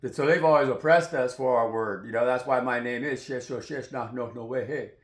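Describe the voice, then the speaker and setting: A man's voice: medium pitch, brisk. A man giving a rambling, profane spiritual monologue as a tarot reader, preachy in tone. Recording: roomy echoey sound.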